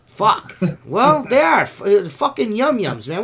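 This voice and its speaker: A man's voice: high voice, huge pitch swings, measured pace, sharp tone, husky. A man hosting a podcast, ranting in a profane, exasperated way. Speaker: podcast host. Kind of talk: casual podcast rant.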